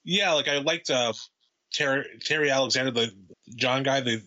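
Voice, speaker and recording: A man's voice: mid-range voice, normal speed, sharp tone, no echo, muffled recording. A man in a casual film discussion who rambles, swears a lot and acts out lines from the movie.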